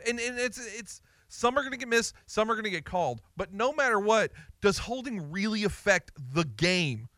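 Male sports radio host, bright lively voice, blunt and excitable. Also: sits high, moderate pace, hardly any pauses, no echo, studio quality.

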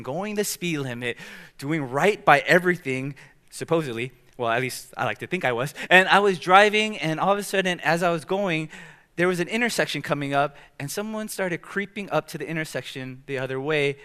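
A young man preaching a sermon as pastor, telling stories in an animated way in a church. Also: fairly high pitch, clean tone. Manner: animated storytelling, acting out quoted outbursts. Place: church sanctuary.

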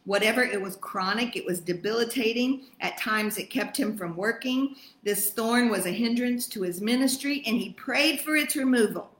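Woman teaching Bible study; higher voice, emphatic, encouraging, reverberant room sound. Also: normal speed, few pauses, fairly bright tone, a little hiss or hum. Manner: emphatic, encouraging, addresses listeners by name.

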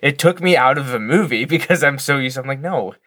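A man's voice: mid-range voice, fast, a bit bright, no room sound. A man co-hosting a casual podcast, talking while watching a movie, rambling with many restarts. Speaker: podcast co-host.

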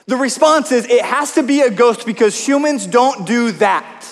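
A man with a high voice gives a sermon, mixing scripture with personal stories in a relaxed, chatty way. His words hang in a long reverb, as in a large hall. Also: normal speed. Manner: storytelling, conversational with asides. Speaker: pastor.

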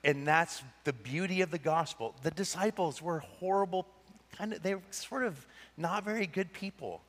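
A man's voice: a little high, moderate pace. Preaching man in an echoing hall. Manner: animated preaching, swinging between excited and hushed. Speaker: pastor. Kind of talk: sermon.

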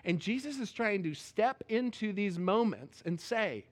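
A man's voice: high-pitched, animated, moderate pace, few pauses. A male pastor preaching a sermon in an emphatic, conversational storytelling manner.

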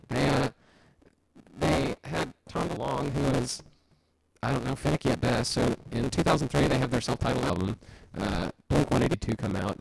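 A man's voice: mid-range voice, creaky. A man co-hosting a casual music podcast, talking in a rambling, jokey way with restarts. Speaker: podcast co-host. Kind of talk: casual chat. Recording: amateur recording with clicks and faint hiss.

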